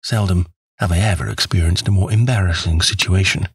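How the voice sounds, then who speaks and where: Brief: male narrator, low gravelly-husky voice, dry close recording, measured and wry. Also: no room sound. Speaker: audiobook narrator. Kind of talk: scripted first-person narration.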